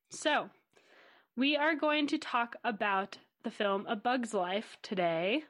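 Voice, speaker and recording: A woman's voice: fairly high pitch, fairly bright tone. Upbeat woman hosting a podcast. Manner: upbeat, guiding. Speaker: podcast host. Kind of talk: casual podcast chat.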